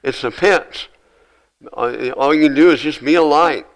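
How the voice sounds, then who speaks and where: A man preaching a sermon as pastor, repeating short commands and swinging between loud exhortation and quiet asides. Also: a little high, measured pace, low-quality recording.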